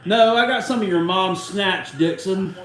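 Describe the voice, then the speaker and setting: A man's voice: high-pitched, unhurried, a bit bright, roomy sound, poor audio. A man hosting a live fan watchalong, reacting in a heated, profane, sarcastic way. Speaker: host of a fan watchalong stream. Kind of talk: live casual fan commentary.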